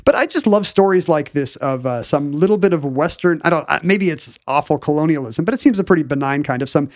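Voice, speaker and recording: A man's voice: fairly high pitch, brisk, dry recording. Rambling, joking man on a dry mic. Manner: rambling, self-interrupting, joking. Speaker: podcast co-host. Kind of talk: casual chat.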